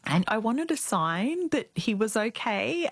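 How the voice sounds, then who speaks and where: A middle-aged woman, an interview guest, telling a deeply personal story in an earnest, reflective way. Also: very animated, breathy edge, no room sound. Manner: reflective, earnest, speeds up and slows down.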